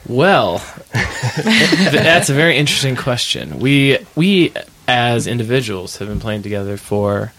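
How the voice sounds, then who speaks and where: A man's voice: mid-range voice, sing-song, unhurried, a bit bright, low-quality recording. A man musician, a guest on a podcast, talking thoughtfully and searching for words as he goes. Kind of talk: casual interview chat.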